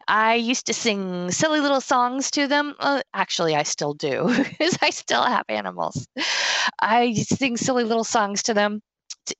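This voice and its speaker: A woman's voice: fairly high pitch, no room sound. Earnest woman pet sitter chatting on her podcast, voice goes up and down a lot, laughs easy. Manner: earnest, gently insistent, laughs easily. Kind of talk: casual advice monologue.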